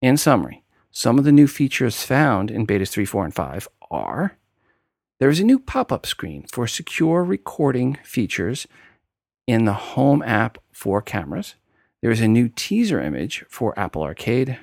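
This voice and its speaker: A man's voice: mid-range voice, sing-song, moderate pace, gravelly, darkish tone, no echo, studio quality. A man hosting a tech podcast with a New York accent, talking casually and explaining steps one by one. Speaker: podcast host.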